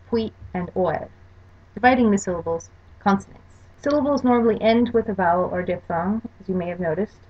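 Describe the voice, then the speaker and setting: A woman's voice: mid-range voice, a little mellow. A woman teaching a language lesson over a slide show, explaining rules carefully and spelling out examples. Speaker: language course lecturer. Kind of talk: recorded lecture over slides. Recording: dull lo-fi recording.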